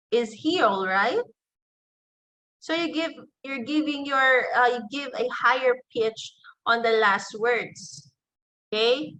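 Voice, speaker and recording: A woman with a Filipino English accent teaching an online class, slow and deliberate, saying example phrases aloud to show them. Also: a little high, bright, forceful tone, low-quality recording.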